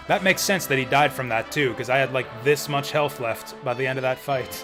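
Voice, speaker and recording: A man's voice: mid-range voice, fairly quick, hardly any pauses, pushed and bright, faint music behind. A young man streaming a game and chatting casually, laughing and using lots of filler words. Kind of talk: casual gameplay commentary.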